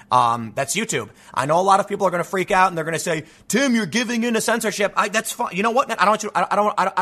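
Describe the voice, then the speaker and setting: A man in his thirties hosting a casual commentary show, reading news aloud with animated asides and rapid restarts. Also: a little high. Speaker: political commentary host.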